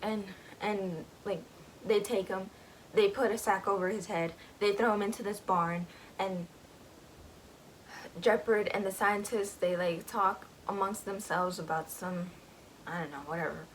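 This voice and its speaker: A woman's voice: medium pitch, fairly even intonation, unhurried, slight background noise, poor audio. A woman casually recapping a book, rambling, with lots of filler words.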